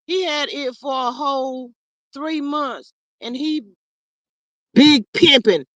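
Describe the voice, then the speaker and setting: A woman's voice: high voice, slow, dry recording. A woman hosting a casual live stream, reading viewer comments aloud and reacting with sass. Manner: animated, sassy, calls viewers child and honey. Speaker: livestream host reading chat.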